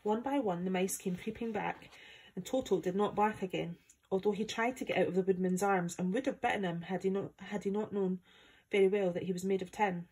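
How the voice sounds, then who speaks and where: A woman from Scotland reading a chapter of a children's book aloud, in steady, plain storytelling. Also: mid-range voice, a little fast, breathy edge. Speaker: volunteer reader.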